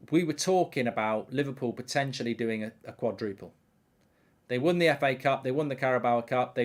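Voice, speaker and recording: A man hosting a live football watchalong, chatting casually and reading out viewer comments. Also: mid-range voice. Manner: animated, reading viewer comments, frequent fillers. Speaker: host.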